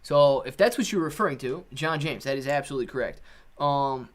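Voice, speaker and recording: A man's voice: medium pitch, expressive, fairly quick. A man hosting a live stream, chatting casually with viewers, reading out their comments and answering in a laid-back, slangy way. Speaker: livestream host.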